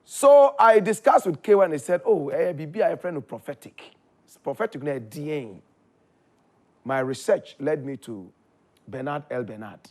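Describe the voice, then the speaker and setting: A man with a Ghanaian accent telling his story in casual chat, animated, his voice jumping up when excited. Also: on the high side, normal speed. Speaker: guest.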